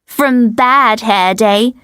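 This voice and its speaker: A woman narrating a simple first-person story for English learners in a clear, deliberate way. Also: a little high, a bit bright, no room sound, studio quality. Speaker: audiobook narrator.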